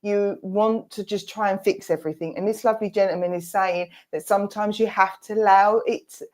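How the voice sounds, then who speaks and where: A woman with an Essex accent gives a mediumship reading. She is chatty and reassuring, and she relays what a spirit says in quick asides. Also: medium pitch, fairly even intonation, a little mellow. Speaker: presenter and medium. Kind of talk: giving an online mediumship reading.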